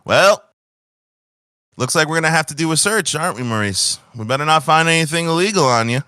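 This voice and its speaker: A man's voice: a little high, lively intonation, brisk, pushed and bright, clear, resonant tone, dry recording, clean studio sound. A man voicing a smug, bullying male train officer in a tabletop game. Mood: taunting. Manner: taunting, smug.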